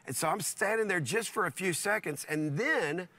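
Casting: animated middle-aged male pastor, storytelling style, bright and forceful. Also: high voice, moderate pace. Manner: animated, repeats words and restarts often. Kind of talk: storytelling in a conversation.

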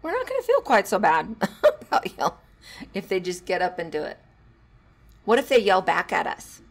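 A woman with a mid-range voice hosts a solo talk show on parenting. She draws on her time as a teacher and tells stories with animated swings in volume. Her quieter passages drop almost to a hush. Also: mid-range voice, moderate pace. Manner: animated, drops to hushed tones and laughs while telling stories. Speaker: podcast host; former teacher.

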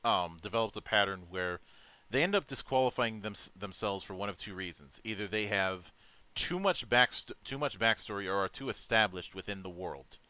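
A man in a casual discussion, his low voice bright and pushed forward. He restarts sentences often while working out his points. The sound is dry and close. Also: dry recording. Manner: halting, frequent restarts and fillers.

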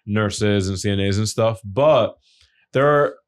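A man's voice: lowish voice, unhurried, clean tone. A young man co-hosting a podcast, telling long, rambling stories in casual chat and swearing often. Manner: rambling, profane storytelling. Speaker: podcast co-host.

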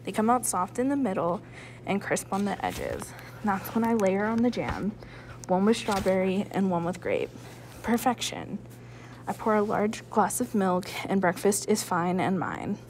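A woman, a school librarian, reading a chapter book aloud in a lively first-person narration with hushed asides. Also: medium pitch, a little slow, slight background noise.

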